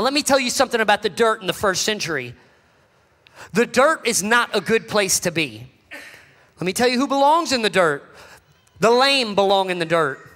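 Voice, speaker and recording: A man preaches from the stage in a high, bright, ringing voice. He builds to shouts, then drops low and quiet. The room carries a long reverb. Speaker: pastor. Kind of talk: sermon. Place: church sanctuary.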